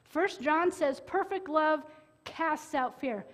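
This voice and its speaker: Earnest woman preaching a sermon. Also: high-pitched. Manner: earnest, with dramatic pauses and sudden loud bursts.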